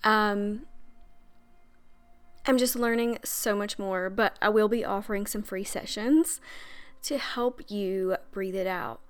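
A woman's voice: medium pitch, steady tone, slow, pauses often, clean tone, faint music behind. A young adult woman hosting a podcast as a breathwork coach, talking in an earnest, chatty way with frequent fillers and little laughs. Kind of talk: casual monologue.

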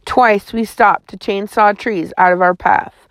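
A woman's voice: medium pitch, steady tone, a little slow, no room sound. A woman reading a chapter book aloud in a folksy first-person storytelling manner, close to the mic. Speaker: audiobook narrator.

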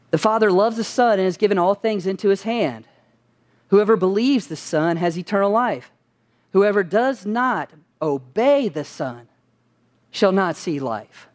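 A man preaching a sermon as pastor, asking his listeners rhetorical questions and answering them with emphasis. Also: high-pitched.

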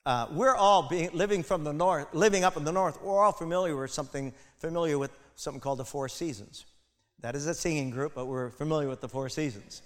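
A man preaching a sermon with passion, building to loud emphatic peaks and turning aside to his congregation. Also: fairly high pitch, brisk. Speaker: pastor. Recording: long hall reverb.

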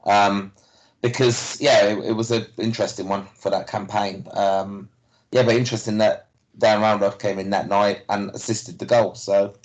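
A man's voice: lowish voice, flat delivery, moderate pace, low-quality recording. A man introducing the episode's topics in casual podcast chat, hesitant with fillers. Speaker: podcast co-host.

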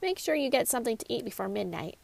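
A chirpy, probing grandmother sleuth from a storybook mystery, as a woman reads her part. Her voice sits a little high with a gravelly edge, and she questions people in brisk bursts. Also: sing-song, darkish tone, heavily acted. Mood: cheerful. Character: warm, cheerful grandmother amateur sleuth.

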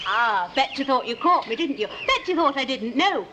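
A cheeky young Londoner whose high, lively voice bounces through flippant, teasing replies. Birdsong and jungle noise in this old TV soundtrack sit loud over her. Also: normal speed. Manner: teasing, breezy, flippant retorts. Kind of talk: 1960s TV drama acting.

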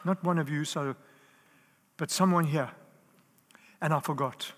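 A man with a slightly high voice preaches earnestly from the front of a church. He presses his points with lists and repeated words, and his voice rings with the long echo of a large hall. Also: a little slow, fairly bright tone. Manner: earnest, emphatic, with lists and repetitions. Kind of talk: sermon. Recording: live in a large reverberant hall.

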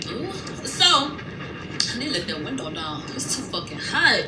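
A woman's voice: on the high side, big pitch swings, a little slow, roomy sound, heavy background noise. A woman giving a blunt, profane, sassy recap of a reality TV episode in casual speech.

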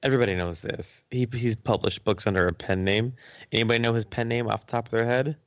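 A man's voice: mid-range voice, fast talker, no room sound. A man with a mid-range voice hosts a laid-back podcast segment, reading trivia and swearing easily. The audio is dry and somewhat muffled. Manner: relaxed, swears often, laughs easily. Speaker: podcast host. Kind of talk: casual chat reading trivia.

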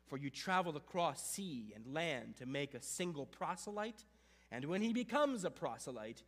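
A man preaching a sermon, emphatic, with dramatic pauses, reading and listing points, in a church with long reverb. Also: a little high, expressive. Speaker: pastor.

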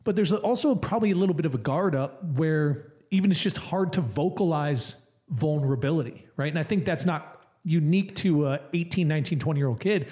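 A man's voice: on the high side, lively intonation, fairly quick, darkish tone. A man hosting a casual podcast conversation, loose and chatty with offhand asides.

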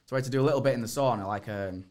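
A man's voice: medium pitch, very fast, a little mellow. A young man, a podcast guest who tells his fight stories in rambling casual chat, laughing and swearing often.

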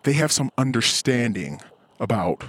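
A man's voice: mid-range voice, very animated, a little slow, slightly rough, no echo. A man hosting a casual solo podcast while walking outdoors, rambling and profane, sometimes acting out the voices of the people he talks about. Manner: acts out quoted voices. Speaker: podcast host. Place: outdoors, walking in a cul-de-sac.

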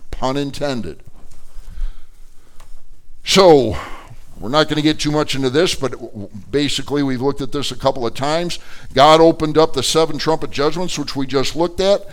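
A man preaching a sermon, swinging between loud outbursts and quiet, low passages and acting out the voices he quotes. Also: lively intonation, normal speed.

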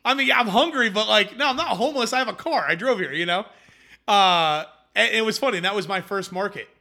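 A young man, the founder of a hummus company, casually telling animated stories in an interview and acting out the voices of people he quotes. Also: high-pitched, fairly quick.

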